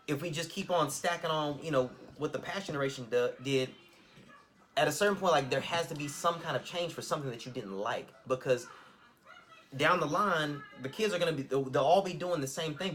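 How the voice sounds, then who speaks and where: A man's voice: fairly high pitch, lively intonation, a little fast, a bit bright, slight background noise. A man co-hosting a casual podcast, thoughtful and conversational, leaning on "like" and "you know". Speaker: podcast co-host.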